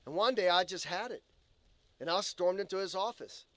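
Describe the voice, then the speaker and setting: Male eulogist, higher pitch, storytelling tone, dry recording. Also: normal speed, pushed and bright, dry recording. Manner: earnest storytelling with quoted asides. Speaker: eulogy speaker, colleague. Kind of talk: memorial eulogy. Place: funeral home chapel.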